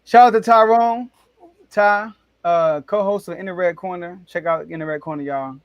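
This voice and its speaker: A man hosting a casual sports debate show, telling stories in an animated, excitable way with big jumps in his voice. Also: sits high, normal speed, clear, resonant tone, no echo, dull audio.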